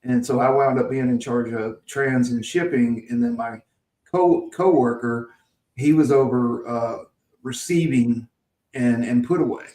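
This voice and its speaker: A man's voice: medium pitch, measured pace, dark tone, far from the mic. A man from Mississippi telling a long workplace story in casual podcast chat, with lots of restarts and chuckles. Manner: rambling anecdotes with frequent restarts and chuckles. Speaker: podcast host. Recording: roomy, set back from the mic.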